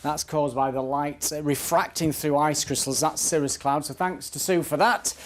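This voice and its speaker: A man presenting the TV weather forecast in a brisk, upbeat, conversational way from a studio. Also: a little high, steady tone, a little hiss or hum.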